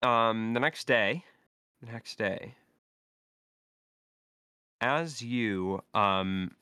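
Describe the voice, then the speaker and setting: A male game master who narrates slowly and haltingly, with many pauses and fillers. His voice is low and smooth, and it is recorded dry and close. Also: pushed and bright, no room sound.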